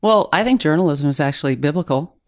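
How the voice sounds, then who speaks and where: Woman, middle-aged, smooth clear voice, animated storytelling, casual interview. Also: deep voice, quick pace. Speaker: guest journalist.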